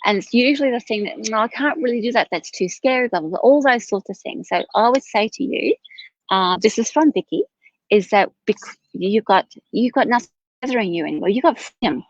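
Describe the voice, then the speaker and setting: A woman's voice: medium pitch, animated, fairly quick, dry recording. Woman tarot reader on a live stream, tired and talkative, mid-range voice, muffled and dry audio. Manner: chatty, rambling, self-correcting.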